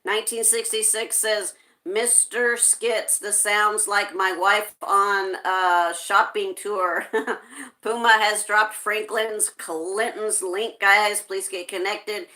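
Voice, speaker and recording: A woman's voice: medium pitch, steady tone, takes it slowly, bright, forceful tone. A woman hosting a casual livestream, reading viewer comments aloud and greeting people in a friendly way. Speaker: livestream host reading chat.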